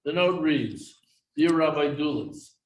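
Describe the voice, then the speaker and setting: A man's voice: fairly high pitch, slow pace. Man telling funny memorial stories. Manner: humorous anecdotal storytelling. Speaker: eulogy speaker. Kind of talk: storytelling memorial speech. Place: synagogue hall. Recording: echoey hall from far off with faint noise.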